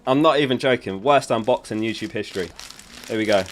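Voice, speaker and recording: A man's voice: fairly low pitch, quick pace, background noise. A young man hosting a casual livestream, chatty and giggly as he talks to his viewers from home. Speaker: livestream host. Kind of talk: casual live-stream chat.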